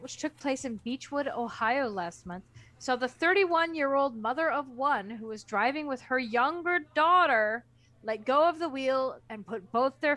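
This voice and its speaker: High-voiced woman reading news stories. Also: fairly bright tone. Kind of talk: reading news aloud in casual chat.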